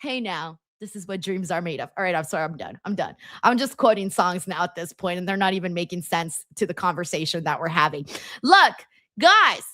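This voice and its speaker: A woman's voice: on the low side, expressive, fairly quick, pushed and bright, no room sound, studio quality. A woman hosting a live stream watchalong, reading viewer comments aloud with frequent laughter and playful jokes. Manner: giggly, joking, reading chat comments aloud. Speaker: host.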